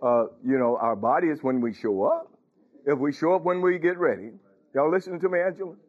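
A man's voice: a little high, a little fast. A man preaching a sermon in a conversational way, often asking the congregation if they follow him. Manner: conversational, questioning the congregation, chuckling. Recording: tinny phone-like recording.

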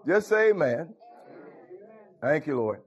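A man's voice: a little high, big pitch swings, slow, husky. An older man, preaching a folksy sermon full of call-and-response asides. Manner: call-and-response, frequent "huh?" and "thank you, Lord". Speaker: pastor. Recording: dull lo-fi recording.

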